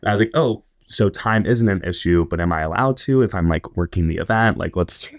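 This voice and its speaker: Low gravelly young man telling stories. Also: a little fast, no echo. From Indiana. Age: 20s. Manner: chatty, rambling with many fillers and quoted asides. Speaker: podcast guest. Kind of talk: casual interview storytelling.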